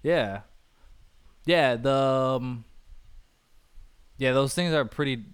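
Animated man chatting about a movie. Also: mid-range voice, takes it slowly, smooth, no room sound. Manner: animated, laughs often, acts out lines. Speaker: podcast co-host. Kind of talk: casual movie review chat.

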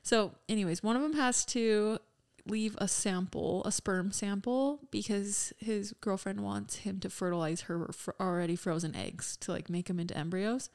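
She speaks at normal speed with hardly any pauses, in a mid-range voice whose tone is darkish and clean. This young podcast co-host tells stories in a casual, giggly, chatty way, with many "like"s.

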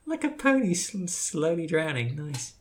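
A woman from England chatting casually as a podcast co-host, dropping dry deadpan quips. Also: low voice, measured pace. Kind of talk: casual chat.

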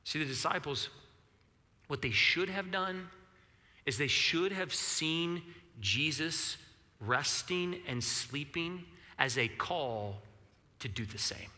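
A man preaching a sermon in a conversational, animated way, acting out the questions he quotes. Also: on the high side, slow, big-room sound. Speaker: pastor.

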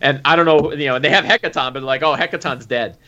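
A man who runs a tabletop game, recapping a session in casual, animated chat with lots of fillers. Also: on the high side, rapid-fire. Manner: animated, full of fillers and acted quotes. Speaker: game master. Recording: dull lo-fi recording.

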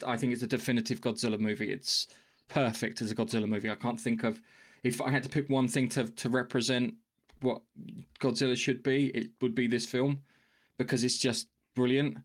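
A man co-hosting a casual podcast, talking excitedly with frequent restarts and swearing. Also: mid-range voice. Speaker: podcast co-host.

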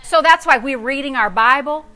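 Middle-aged lady pastor preaching, high voice, sassy, goes quiet then loud. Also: normal speed. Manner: animated storytelling, sassy, swings between hushed and loud. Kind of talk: sermon.

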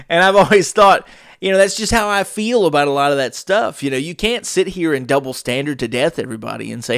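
A man tells a story on his podcast. He acts out each voice in it with lively energy. The sound is dry and close, with no room echo. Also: a little high, a little fast, gravelly. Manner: animated storyteller acting out quoted dialogue. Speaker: podcast host. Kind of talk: storytelling monologue.

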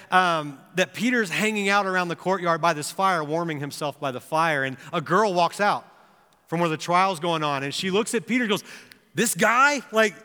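Male pastor, sermon delivery, bright clear voice, long hall reverb, casual storytelling that goes grave. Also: on the high side. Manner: conversational storytelling, then grave and hushed.

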